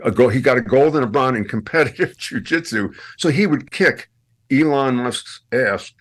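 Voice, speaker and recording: Animated male storyteller on a radio show. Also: normal speed. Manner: animated storyteller, swings high for punchlines. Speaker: guest, podcast host. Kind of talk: casual radio chat.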